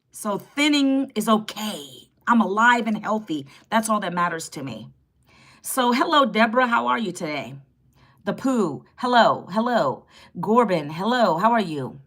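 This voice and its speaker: Woman in her 50s doing a live stream on her phone, bright voice, chatty and a bit sassy with the chat. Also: medium pitch, sing-song, a little slow. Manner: chatty and sassy, greets viewers and answers chat. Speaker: livestream host.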